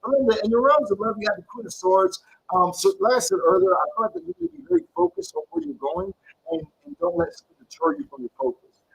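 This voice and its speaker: A man's voice: very high voice, sing-song, fast talker, gravelly, slightly rough, rough recording. A man giving live-streamed tarot readings in a slangy, encouraging way, greeting viewers and calling them baby. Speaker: tarot reader.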